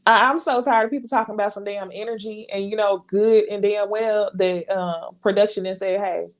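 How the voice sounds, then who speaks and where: A woman's voice: medium pitch, fairly even intonation, brisk. A woman hosting a casual live recap, chatty and exasperated, talking straight to her viewers. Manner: breaks into laughter and brief mimicry of others. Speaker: reality TV recap host.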